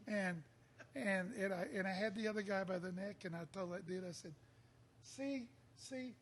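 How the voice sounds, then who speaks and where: Lively older Texan man telling a story. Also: high-pitched, a little fast, a little hiss or hum. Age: 60s. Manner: lively storyteller acting out quotes. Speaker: songwriter guest. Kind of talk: casual storytelling.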